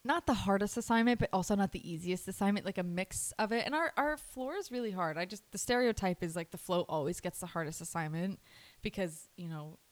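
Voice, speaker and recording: This woman in her twenties co-hosts a casual podcast chat, talking in a chatty way full of swearing and laughs. Her voice sits in the mid-range and runs a little fast.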